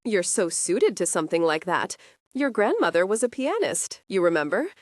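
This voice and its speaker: A woman's voice: medium pitch, very animated, normal speed, dry recording, clean studio sound, close to an everyday voice. A woman reading the part of a confused, doting older mother who rambles fondly about her daughter. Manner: gushing, rambling.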